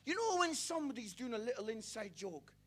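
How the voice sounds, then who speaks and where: A middle-aged preacher with a strikingly high voice delivers a sermon through personal stories. He speaks with passion and pushes his voice toward shouting at the peaks. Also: sing-song, a little fast, breathy edge. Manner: passionate storytelling, rising to near-shouts.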